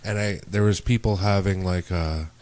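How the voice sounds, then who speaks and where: With a low voice at a normal pace, a man hosts a podcast, casually spinning stories laced with swearing and acting out what others said.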